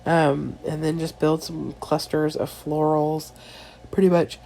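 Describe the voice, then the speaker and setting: A woman with a low, mellow voice talks through her craft project in a loose, rambling voiceover. She sounds stuffy-nosed and worn out from a late night, and drifts into apologetic asides and small laughs. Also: little pitch movement, unhurried, creaky, slight background noise. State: congested from a sinus infection. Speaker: scrapbooking video creator. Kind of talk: casual voiceover narration of a craft process.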